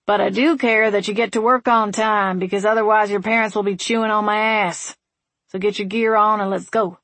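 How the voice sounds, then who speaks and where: A woman voicing a wry, patient man with a dry, steady, gently teasing manner. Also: medium pitch, a little fast, dry recording, close to an everyday voice.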